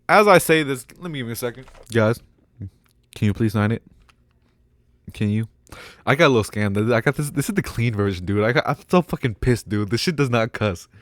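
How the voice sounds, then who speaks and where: A young man talks in a loose, rambling vlog, his voice bouncing up and down as he gets excited. He swears freely and breaks into laughs. The sound is close and dry. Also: mid-range voice, a little fast, dry recording. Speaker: vlogger. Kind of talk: casual rambling commentary.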